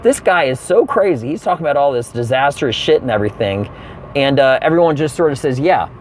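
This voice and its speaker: A man's voice: mid-range voice, animated, fairly quick, a little hiss or hum. A man telling a comic rant story, acting out the people he quotes. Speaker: comedian. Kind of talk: comedic rant monologue.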